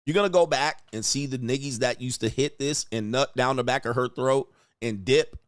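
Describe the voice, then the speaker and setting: A man in crude reaction-commentary mode, sneering and snorting at each clip. His voice sits at an ordinary pitch, recorded dry and close. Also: moderate pace, no echo. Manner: coarse, sneering, laughs at what he reads. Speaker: host reacting to online clips.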